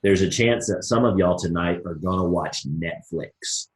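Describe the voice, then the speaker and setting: A man's voice: low-pitched, unhurried. Upbeat man running a team call, folksy, plays out mock dialogues, roomy echo. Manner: energetic, folksy, acts out both sides of dialogues. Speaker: network marketing team leader. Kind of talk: live motivational coaching call.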